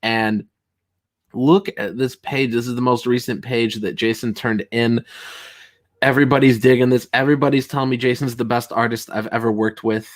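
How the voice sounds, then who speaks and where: A young man hosting a casual livestream, reading chat messages aloud, laughing often and getting loud and worked up when he tells a story. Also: medium pitch, moderate pace. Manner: chatty, excitable, laughs often, rising to shouts when riled. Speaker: streamer host reading chat.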